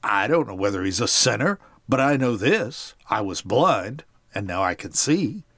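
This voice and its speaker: A man's voice: on the low side, very animated, moderate pace, fairly bright tone, dry recording, studio quality, voice pushed down, full character voice. A man playing a stubborn healed blind man. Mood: insistent. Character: formerly blind man, plain-spoken and stubborn.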